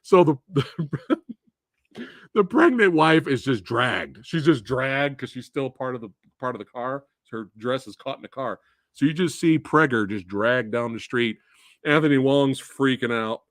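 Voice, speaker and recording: A man hosting a casual live film review, animated, profane and laughing often. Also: medium pitch, measured pace, no echo, clean studio sound. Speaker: movie reviewer and host.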